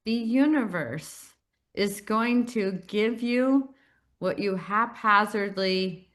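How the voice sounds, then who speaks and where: A woman co-hosting a podcast, speaking in a deliberate, reflective way. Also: medium pitch, a bit bright. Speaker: podcast co-host. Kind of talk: casual chat.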